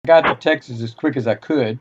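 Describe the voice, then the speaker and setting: A man from Florida, relaxed and prone to restarts, chatting as a panel guest on a live stream. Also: medium pitch, a little fast, slight background noise. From Florida, United States. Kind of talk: casual chat on a live stream. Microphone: video call. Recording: dull lo-fi video call audio.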